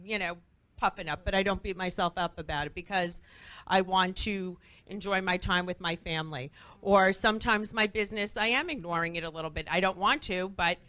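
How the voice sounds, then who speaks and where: A bright, forceful middle-aged woman, a guest on a talk show, telling stories with quick energy. She acts out the people she quotes, in a dry, close-sounding recording. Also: medium pitch, dry recording. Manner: lively, acts out quoted voices. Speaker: guest entrepreneur. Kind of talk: animated storytelling on a talk show.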